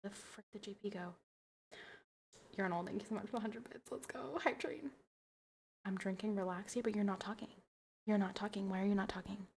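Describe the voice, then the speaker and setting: A woman's voice: mid-range voice, a little fast, long pauses, a little mellow, slight background noise. A young woman streaming casually, a little tipsy from wine, giggling as she chats and thanks her viewers. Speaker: livestreamer. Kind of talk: casual stream chat while drinking wine.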